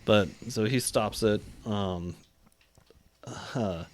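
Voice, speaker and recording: A man with a low voice co-hosts a casual podcast. He recaps a TV episode in a chatty way, dropping plenty of ums, and the recording is dry and close. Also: drawn-out words, no room sound. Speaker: podcast co-host. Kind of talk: casual chat.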